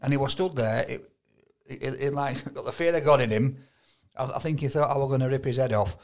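Yorkshire man, gravelly, mid pitch, chatty podcast co-host who stumbles over his words. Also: a little fast. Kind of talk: casual chat.

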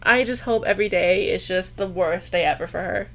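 A woman's voice: lowish voice, fairly quick. A woman co-hosting a podcast in casual chat, talking bluntly and emphatically with plenty of swearing. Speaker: podcast co-host.

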